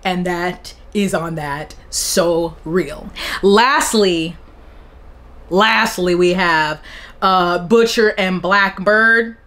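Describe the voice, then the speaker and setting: A woman's voice: fairly low pitch, extremely slow. A young woman book vlogger reading out bad reviews and reacting with sarcastic, laughing commentary. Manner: sarcastic, animated, laughs between lines.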